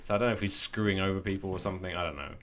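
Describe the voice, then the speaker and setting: A man co-hosting a casual football podcast, animated and jokey. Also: deep voice, very fast, slight background noise. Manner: animated, jokey, puts on voices for quotes. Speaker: podcast co-host.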